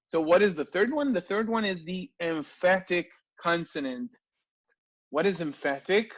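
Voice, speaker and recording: A man teaching an online class, explaining slowly and checking in with the students often. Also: sits high, lively intonation, fairly bright tone. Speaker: language teacher. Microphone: video call. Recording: dull lo-fi video call audio.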